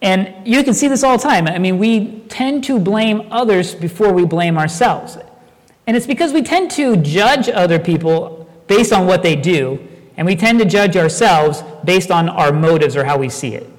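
A man preaching a sermon, talking conversationally and telling stories with animated asides. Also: high voice, normal speed, long reverb tail. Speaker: pastor.

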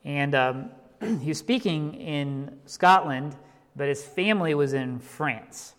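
A man's voice: fairly high pitch, slow, a bit bright, in a large hall. A male pastor preaching a sermon, telling a story and building to impassioned emphasis before leading a prayer.

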